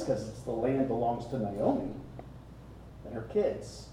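A man preaches with a deep, mellow voice that swings lively up and down as he talks the congregation through the passage. He keeps it conversational, tossing out rhetorical questions. The sound is very echoey, with the speaker set back from the mic. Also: unhurried, far from the mic, a little hiss or hum. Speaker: pastor. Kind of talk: expository sermon.

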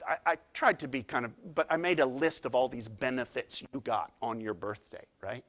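A middle-aged man preaching a sermon as pastor, in a conversational, animated way with asides and restarts. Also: medium pitch, normal speed.

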